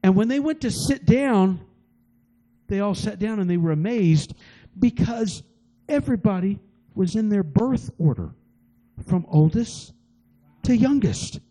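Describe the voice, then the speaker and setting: Man, preacher, sermon, mellow tone, emotional, repeats himself. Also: high-pitched, expressive, a little slow, pauses often, rough recording. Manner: emotional, rising and falling delivery with repetitions. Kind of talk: sermon storytelling.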